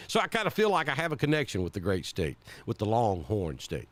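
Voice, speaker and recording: A man's voice: lowish voice, huge pitch swings, brisk, a bit bright, no room sound. A man from central Alabama with a Southern accent, giving live storm coverage as a weather broadcaster and thinking aloud with many fillers.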